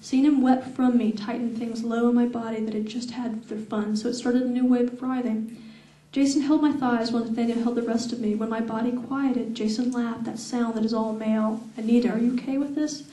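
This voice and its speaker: A woman author reading her novel aloud at a live event, steady with laughing asides. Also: a little high, a little fast, far from the mic. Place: event room with audience. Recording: echoey event room.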